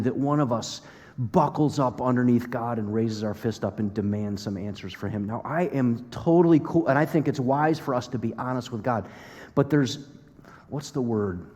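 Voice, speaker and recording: A man preaching a sermon as pastor, animated and emphatic, at times dropping to a soft, intimate tone. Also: mid-range voice. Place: church. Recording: long hall reverb.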